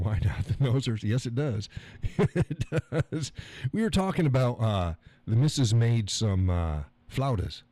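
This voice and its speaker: A man with a fairly low, dark-toned voice, recorded dry, hosts a live stream. He rambles, chuckles, and jokes with profanity while reading out viewer comments in casual chat.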